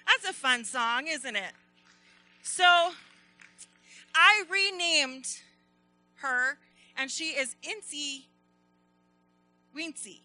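A woman telling a story to children, animated and speaking directly to her young listeners. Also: sits high, a little slow, long pauses, faint music behind, low-quality recording.

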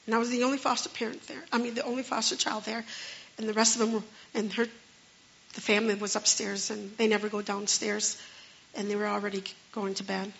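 A woman telling an earnest personal testimony in a halting, repeating way. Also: mid-range voice, little pitch movement, vocal fry, fairly bright tone. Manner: earnest and halting, with many restarts. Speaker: storyteller sharing a personal testimony. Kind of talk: personal testimony, spoken story. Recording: dull lo-fi recording.

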